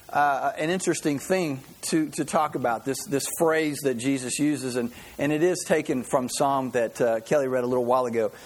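A pastor gives a conversational sermon, working through scripture in an easygoing, folksy storytelling manner. His slightly husky voice sits a bit higher than most men's, and his informal, unpolished delivery often stops to restart phrases.

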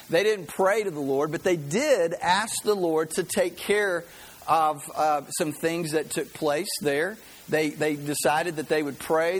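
A man's voice: a little high, poor audio. A man preaching a sermon, telling stories in a conversational way and often checking in with "right?". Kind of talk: sermon with a storytelling lesson.

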